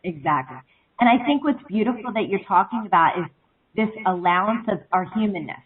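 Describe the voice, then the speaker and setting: A woman's voice: mid-range voice, expressive, fairly quick, slightly rough. A woman calling into a spiritual talk show, chatting in a rambling way full of "like" and "um". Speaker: caller. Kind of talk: casual phone-in chat. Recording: phone line.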